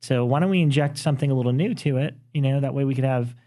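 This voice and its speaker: A man's voice: medium pitch, fast, warm tone. A man co-hosting a podcast, chatting enthusiastically with plenty of "uh" and "you know" between thoughts. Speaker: podcast co-host. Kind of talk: casual chat.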